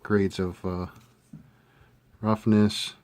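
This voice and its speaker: A man giving a casual hands-on modeling tutorial, thinking aloud with relaxed fillers as he works. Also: on the low side, very slow, a little hiss or hum. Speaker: scale model hobbyist demonstrating a kit build.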